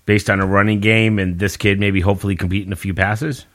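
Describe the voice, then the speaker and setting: A man's voice: fairly low pitch, flat delivery, quick pace. A man co-hosting a casual sports podcast, needling and arguing in a jokey way. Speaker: podcast co-host.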